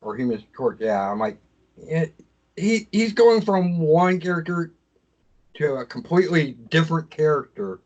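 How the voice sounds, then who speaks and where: A man's voice: a little high, animated, unhurried, a little mellow. A man co-hosting a casual podcast chat, often stammering and restarting his sentences. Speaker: podcast co-host. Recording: dull lo-fi sound.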